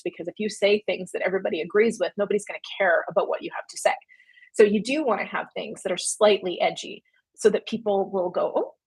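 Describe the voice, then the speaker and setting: Hosting a casual livestream, a Canadian woman who founded a publishing company works through viewer questions in a slightly husky, medium-pitched voice. She's chatty and rambles warmly into tangents, filling pauses with frequent ums and quick laughs.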